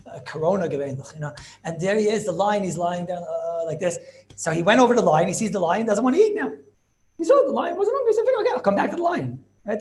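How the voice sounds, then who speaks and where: A man with telling a Torah story as a rabbi, acting out the characters in an animated way. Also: a little hiss or hum. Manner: animated, acts out characters with shifting pitch.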